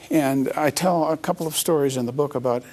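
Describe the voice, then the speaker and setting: A man's voice: on the high side, a little fast, darkish tone. A middle-aged man, an interview guest, telling a personal story in an earnest, reflective way.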